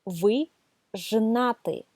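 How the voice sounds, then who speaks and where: A woman giving a scripted beginner language lesson, reading numbered examples and saying the foreign words slowly and carefully. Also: a little high, darkish tone, no room sound. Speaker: language teacher.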